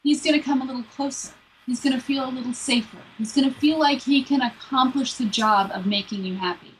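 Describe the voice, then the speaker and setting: A woman's voice: high voice, brisk, slight background noise, poor audio. A woman working as a relationship coach, earnestly walking through numbered advice in a conversation. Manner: earnest, lays out numbered steps, drops into playful quoted voices.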